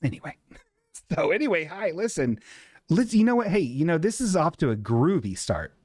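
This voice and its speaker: A man's voice: a little high, very animated, a little mellow, no room sound, studio quality. Rambling, profane male stream host. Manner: loose, rambling, profane, quick to laugh. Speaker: host of a live comedy stream. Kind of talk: rambling casual chat.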